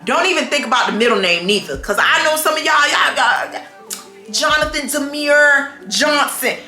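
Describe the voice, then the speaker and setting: A bright-voiced young woman chatting to her vlog audience with sass, swinging her pitch high and low as she tells stories and throws in playful asides. Her voice rings in an echoey room at home, with faint music under it. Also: fairly quick. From United States. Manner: sassy, animated storytelling with playful asides. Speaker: vlogger. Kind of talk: casual chat.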